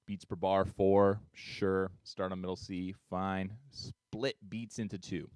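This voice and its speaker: A man teaching a music tutorial, upbeat and chatty, counting beats out loud as he demonstrates. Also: low voice, little pitch movement, slow pace, clean tone, no echo. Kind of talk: screen-share tutorial.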